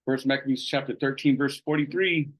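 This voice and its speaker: A man's voice: mid-range voice, fairly even intonation, a little fast, low-quality recording. A man teaching a Bible study in a casual, conversational way, reading passages aloud and checking in with "right?" as he goes. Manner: conversational, many fillers and "right?" tag questions.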